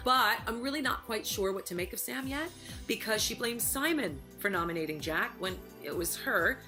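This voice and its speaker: A woman speaks in a bright, forceful voice, sassy and emphatic as she gives her views on the people in the house. She gossips with plenty of attitude. Faint music plays behind her. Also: mid-range voice. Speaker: former housemate giving opinions. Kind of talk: recorded opinion piece to camera.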